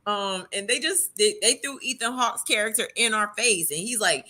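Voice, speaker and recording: A woman's voice: mid-range voice, moderate pace, bright, forceful tone. A woman co-hosting a casual show review, talking animatedly with frequent laughs and fillers. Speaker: podcast co-host. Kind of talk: casual chat.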